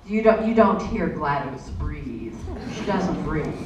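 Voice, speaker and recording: On a convention panel Q&A, a woman voice actor answers in an animated, slow-paced way with a deep voice, spinning warm, chatty stories full of asides and "you know". The audio captures an echoey hall from a distance, with faint background noise.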